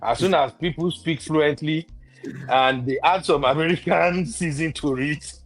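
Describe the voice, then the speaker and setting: A man, a co-host in a casual talk show, giving strong opinions in a lively way and laughing often. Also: on the high side, a little slow, faint music behind. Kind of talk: casual chat.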